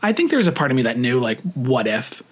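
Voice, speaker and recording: A young adult man casually telling a story to camera, chatty and profane, full of "like" fillers, rushing some phrases and drawing out others. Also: mid-range voice, very animated. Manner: shifts between rushed and drawn-out phrasing. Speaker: vlogger.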